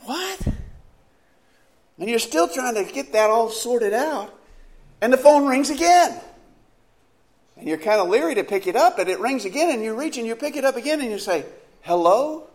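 Male preacher, high lively voice, chatty storytelling sermon full of rhetorical questions. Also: fairly quick.

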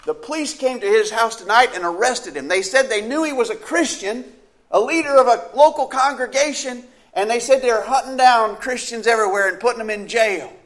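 A man's voice: very high voice, fairly quick, fairly bright tone, voice pushed up. A man voicing a panicked male churchgoer who phones at night with urgent, frantic news. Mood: alarmed.

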